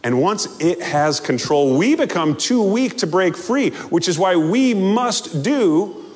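A man preaching a sermon as a pastor, playful and animated, acting out scenes as he goes. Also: high-pitched, takes it slowly. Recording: long hall reverb.

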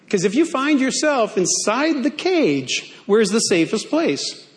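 High-voiced preacher, slow and deliberate. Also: male voice, very animated. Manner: playful, stretches key words out for emphasis. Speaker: pastor. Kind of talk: sermon.

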